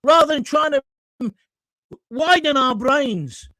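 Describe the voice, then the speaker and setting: A man's voice: very high voice, expressive, slow pace, sharp tone, no room sound, rough recording. Ranting English man hosting a live show. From England. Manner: ranting, indignant, reads viewer comments aloud; swears, gets heated. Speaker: host of live call-in show. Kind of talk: opinionated live-stream monologue.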